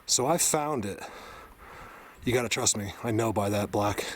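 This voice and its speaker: A man's voice: fairly low pitch, moderate pace, slight background noise. A man filming himself on a forest hillside, out of breath and insistent as he points things out to viewers. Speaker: vlogger. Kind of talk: outdoor field vlog.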